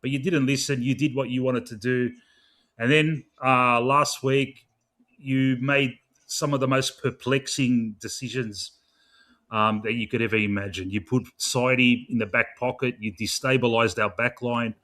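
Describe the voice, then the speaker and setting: An Australian man in his young adult years rants through a football match preview, exasperated and swearing at every turn. His pitch sits at a middling level as he pleads straight to the coach. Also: little pitch movement, moderate pace, a bit bright. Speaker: football fan podcaster.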